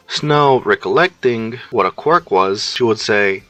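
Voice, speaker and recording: A man's voice: mid-range voice, unhurried, few pauses, fairly bright tone, soft background music. A man reading a fan fiction story aloud as narrator, telling it plainly and introducing each character's line.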